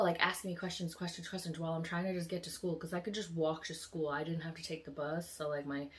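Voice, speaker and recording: A woman's voice: low voice, flat delivery, fast, few pauses. A woman vlogger casually recounting a dream in a chatty, rambling way, full of fillers. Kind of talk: casual storytelling.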